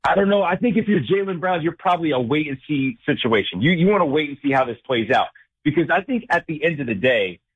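A man calling in as a guest on a sports talk show, his voice coming through a thin, tinny phone line. He talks with lots of emphasis and swings widely up and down in pitch, with a slightly husky edge. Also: quick pace. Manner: emphatic, animated storytelling. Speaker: sports director and anchor, guest. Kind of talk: casual phone-in sports chat.

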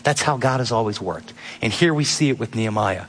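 A man's voice: medium pitch, expressive, a little fast, slight background noise. A man preaching a sermon, emphatic and earnest, teaching from a passage and asking pointed questions. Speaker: pastor. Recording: long hall reverb.

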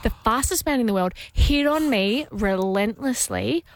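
Bubbly high-voiced Australian woman host. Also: animated, measured pace, no room sound. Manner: bubbly, gushing reactions. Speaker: radio host. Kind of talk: casual radio chat. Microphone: studio microphone.

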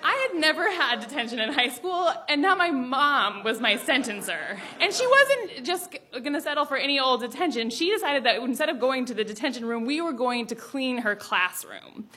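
A young adult woman telling a personal story, animated, laughing often and acting out the people in it. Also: high voice, normal speed, hardly any pauses, slight background noise. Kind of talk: personal story told to an audience.

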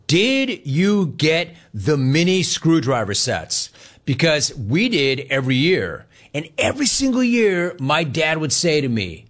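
Animated sports talk host, man. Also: on the high side, unhurried. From Los Angeles. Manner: animated, rambling storytelling, repeats phrases. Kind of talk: casual sports talk with live chat.

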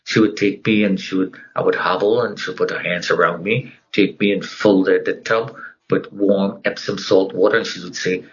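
A middle-aged man speaks at normal speed in a low, steady voice as an interview guest, in a muffled lo-fi recording. He tells his personal testimony dramatically, acting out the voices of the people in it.

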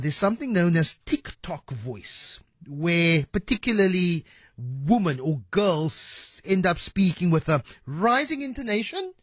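A man hosts a radio talk show in a fairly high voice. His delivery is animated and emphatic, and the sound is close and dry in the studio. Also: no echo. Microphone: studio microphone.

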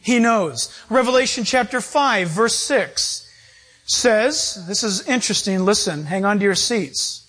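A man's voice: sits high, expressive, unhurried, fairly bright tone. A man preaching a sermon, reading scripture and asking the congregation rhetorical questions. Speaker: pastor.

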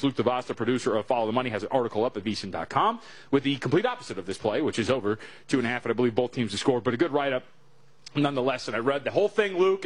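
A man from the United States co-hosting a sports betting show, talking in quick, joking, rambling banter. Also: medium pitch, husky.

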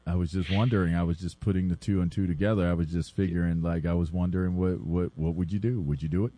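A man's voice: low voice, steady tone, quick pace, warm tone, dry recording. A man co-hosting a sports podcast, playful and teasing in casual chat. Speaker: podcast co-host.

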